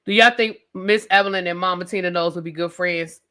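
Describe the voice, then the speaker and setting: A woman's voice: lowish voice, quick pace. A woman hosting a live review stream, ranting casually and calling out to her viewers with sassy asides and repeated questions. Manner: sassy, talks straight to chat with "y'all" and "baby"; animated, repeats questions for emphasis.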